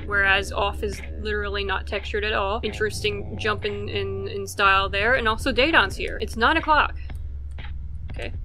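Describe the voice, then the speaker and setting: A woman's voice: mid-range voice, steady tone, normal speed, pushed and bright, slight background noise. A woman casually commentating on a game as she plays, chatty and thinking aloud. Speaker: let's play host.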